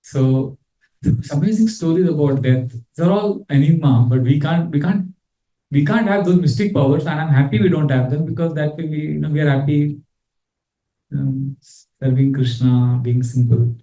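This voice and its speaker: A man's voice: on the high side, moderate pace. A man giving a scripture class, telling stories earnestly. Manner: storytelling, earnest, animated when quoting. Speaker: Bhagavatam teacher. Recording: echoey room, mic at a distance.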